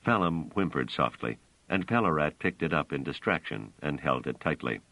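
A man narrating an audiobook in a measured, expressive way, in a dry, dull recording. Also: rumbling low, no echo.

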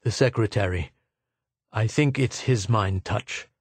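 A weary old Earthman, as a male narrator puts him on, speaks in a husky, lowered voice that drops even deeper than the reader's own. His words come halting and subdued. The recording is dry and close. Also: no echo.

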